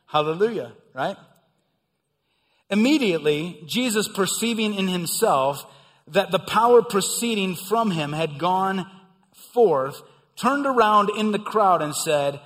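A man preaching a sermon as pastor, talking conversationally and swinging between loud, excited asides and hushed emphasis. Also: high voice, moderate pace, in a large hall.

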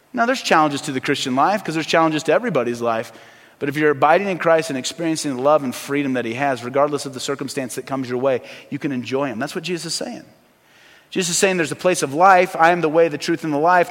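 A man preaching a sermon as pastor, swinging between loud emphasis and hushed, earnest asides. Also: on the high side, in a large hall.

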